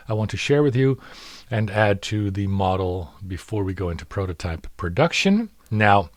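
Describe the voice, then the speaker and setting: A man giving a casual update on his scale model, speaking haltingly with many fillers and restarts, and getting excited as he shows the details. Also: lowish voice, no echo. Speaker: scale model maker showing his work.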